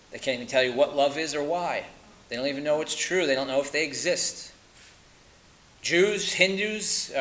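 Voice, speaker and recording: A man preaching a sermon, emphatic and insistent, firing rhetorical questions and dropping to quiet at the ends of lines. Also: a little high, rough recording.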